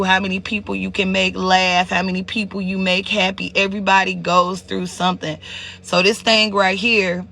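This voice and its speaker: A high-voiced man talks straight to his live-stream viewers, his tone bright and edged with a gravelly fry. He speaks with raw emotion, greets people by name and circles back over the same words.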